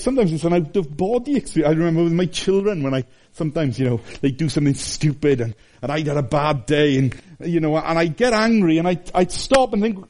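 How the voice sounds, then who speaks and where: A man in his fifties from Wales, preaching. His voice sits a little high but sounds warm and mellow. He talks to the congregation like a friend, then rises sharply into exclamations and sinks into quiet, hushed asides. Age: 50s. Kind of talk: sermon.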